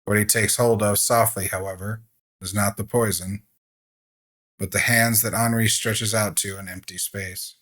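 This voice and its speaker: A man hosting a gaming channel, reading the game's story text aloud in a slow, measured way. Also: lowish voice, fairly even intonation, fairly bright tone.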